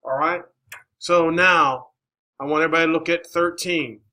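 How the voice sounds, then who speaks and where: A man's voice: a little high, fairly even intonation, normal speed, sharp tone, poor audio. A man teaching a math class, speaking in a classroom, coaxing students with questions and encouragement. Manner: encouraging, coaxing questions, many "all right"s.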